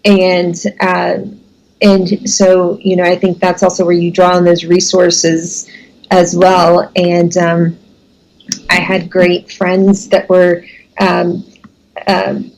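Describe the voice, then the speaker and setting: A woman's voice: lowish voice, monotone, takes it slowly, creaky, darkish tone, poor audio. Woman, 30s, from the United States, interview guest, candid storytelling, self-deprecating, laughs often.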